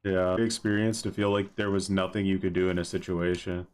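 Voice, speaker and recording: Young guy streaming a game, low voice, chill rambly chat with viewers. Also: little pitch movement, a little fast, clear, resonant tone. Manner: laid-back, chatty, many fillers. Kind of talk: casual livestream commentary.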